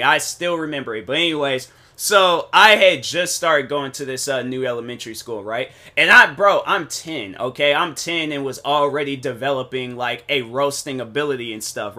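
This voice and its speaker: A man's voice: a little high, bright, forceful tone. A young man hosting a podcast, telling a story in a casual, rambling way, full of restarts and "so anyways" asides. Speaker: podcast host.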